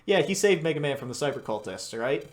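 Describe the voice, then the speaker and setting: A man's voice: a little high, animated, quick pace. A man giving casual commentary over gameplay, chatty and playful. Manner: chatty, reads game lines in playful voices. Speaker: let's play commentator. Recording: faint game music behind.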